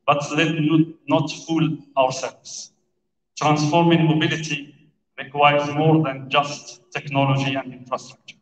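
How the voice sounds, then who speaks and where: A man's voice: fairly high pitch, level tone. Man giving a formal speech in an echoey hall. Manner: measured, deliberate delivery listing organizations. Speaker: conference speaker for an international road federation. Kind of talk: formal prepared opening speech. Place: large conference hall. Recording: echoey hall, distant and dull.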